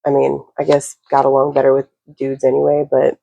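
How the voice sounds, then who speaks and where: Woman, casual reader, gravelly and dry-close, loose rambling delivery with plenty of fillers. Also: a bass voice, completely flat delivery, brisk, warm tone, no echo, highs cut off. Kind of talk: casual spoken reading to camera.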